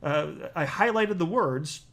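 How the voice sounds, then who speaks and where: A man's voice: fairly high pitch, lively intonation, unhurried, vocal fry, a bit bright. A man hosting a crypto commentary talk, speaking bluntly and scornfully with frequent restarts. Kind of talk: casual commentary monologue.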